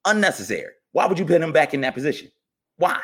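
A man, fired up and ranting about football as a podcast co-host, jumping from loud outbursts to low grumbles. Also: very animated, fast talker, husky. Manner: fired-up, swings from shouting to muttering. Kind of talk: heated sports rant.

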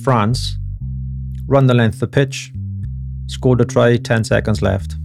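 A man's voice: mid-range voice, steady tone, takes it slowly, vocal fry, over music. A Welsh man hosting a podcast, telling stories with passion and self-mocking humor. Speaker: podcast host. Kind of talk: casual chat.

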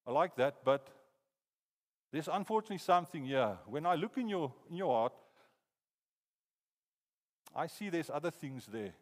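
A man with a South African accent voicing a grave male judge in a hushed, solemn way, with long hall reverb. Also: fairly high pitch, animated, normal speed, long pauses, lightly acted. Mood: gentle. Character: grave judge weighing guilt and mercy, male.

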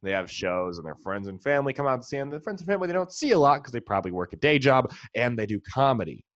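A man's voice: medium pitch, very animated, quick pace, no echo. Profane, sarcastic ranting comic man. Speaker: comedian and podcast host. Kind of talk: comedic rant. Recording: dull lo-fi, dry.

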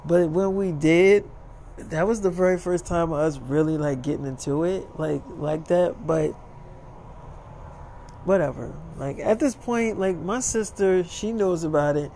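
A man's voice: on the high side, unhurried, dark tone, slight background noise, low-quality recording. A man telling a casual, profane, rambling story and acting out the dialogue.

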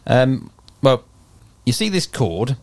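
A man's voice: mid-range voice, sing-song, slow, creaky, noisy background. A man hosting a casual podcast chat, rambling and hesitant with lots of fillers. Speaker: podcast host.

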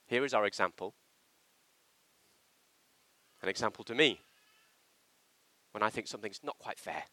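Lively, bright-voiced male preacher. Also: mid-range voice, no room sound. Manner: animated, emphatic delivery with acted quotations. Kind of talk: sermon. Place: church.

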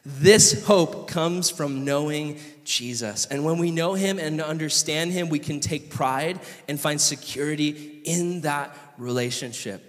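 A man's voice: on the high side, measured pace, few pauses. A man from California, a pastor giving a passionate, conversational sermon and asking the audience questions. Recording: long reverb of a hall.

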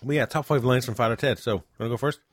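A man in casual chat, talking quickly and repeating his fillers. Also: medium pitch, slightly rough, dry recording, studio quality.

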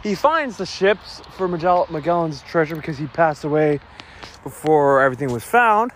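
A man recapping a film in a casual, rambling way, an excitable fan with many fillers. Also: a little high, moderate pace, a little hiss or hum. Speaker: video creator recapping a film. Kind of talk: casual movie recap and reaction.

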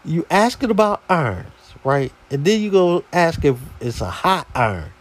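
A man's voice: on the high side, very animated, moderate pace. A man hosting a podcast, telling a story in a casual, slangy, exasperated way. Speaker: podcast host.

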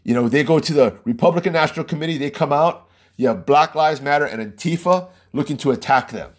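A man's voice: a little high, fast. A man hosting his own small podcast, giving a heated, rambling political monologue and laughing between points. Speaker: podcast host.

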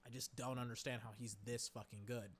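A man's voice: medium pitch, level tone, fairly quick. A young man hosting a podcast from home, talking through a game in a rambling, exasperated way, with lots of fillers and swearing. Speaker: podcast host. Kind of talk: casual live game commentary. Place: home, in a recliner.

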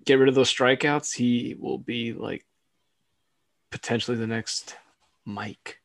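A young man co-hosts a casual sports podcast, laughing often and filling gaps with hedging fillers. His medium-pitched voice is gravelly and steady, at a measured pace, with no echo.

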